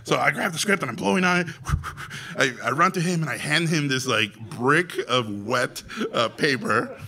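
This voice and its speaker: A Mexican man, an animation director from Mexico, telling a story to an audience in an animated, theatrical way, with loud acted quotes. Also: on the high side, moderate pace, gravelly. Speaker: animation director and festival guest speaker.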